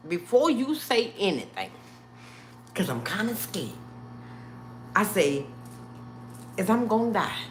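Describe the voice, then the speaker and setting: Lively woman telling a story. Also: medium pitch, a little hiss or hum. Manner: animated, addresses viewers as y'all, acts out quotes. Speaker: live-stream host. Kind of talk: casual storytelling to viewers.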